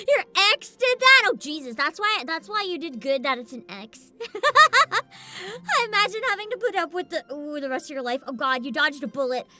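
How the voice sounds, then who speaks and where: A woman's voice: very high-pitched, big pitch swings, normal speed, bright, forceful tone. A woman in her twenties streaming casually as a VTuber, greeting chat by name, laughing often and swearing freely. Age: 20s. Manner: reads out and greets chat names.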